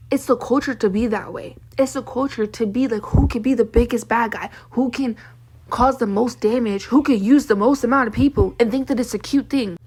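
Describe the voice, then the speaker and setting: Husky young woman ranting. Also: a little high, darkish tone. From Baltimore, Maryland. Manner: heated, profane, venting. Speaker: vlogger. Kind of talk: ranting monologue to camera.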